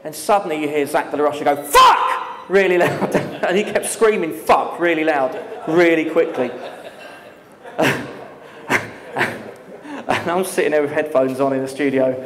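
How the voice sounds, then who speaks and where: Animated man telling a story in an echoey hall. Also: a little high, normal speed, pauses often, a crowd in the background. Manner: animated, laughing, lively storyteller with many fillers. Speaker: guest speaker. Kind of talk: storytelling at a live talk. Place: talk venue with audience. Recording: echoey hall with long reverb.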